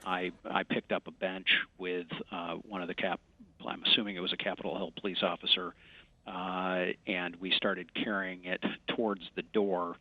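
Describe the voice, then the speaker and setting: A congressman giving a remote news interview, speaking haltingly with many fillers and restarts. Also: deep voice, flat delivery, dry recording, muffled recording. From West Michigan.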